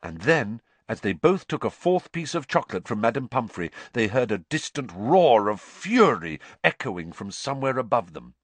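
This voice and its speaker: A man narrating a storybook audiobook with expressive, varied reading. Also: mid-range voice, normal speed, hardly any pauses, no room sound.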